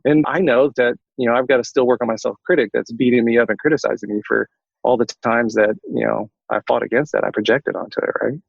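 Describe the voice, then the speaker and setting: Fast-talking gravelly man, dull lo-fi sound. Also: mid-range voice, no echo. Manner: fast, lively storyteller who acts out dialogue. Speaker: coaching client and guest. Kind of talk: personal storytelling in an interview.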